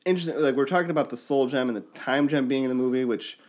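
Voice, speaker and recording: A man's voice: mid-range voice, racing. Man explaining fan theories casually. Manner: animated, explains theories at length. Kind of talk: casual chat.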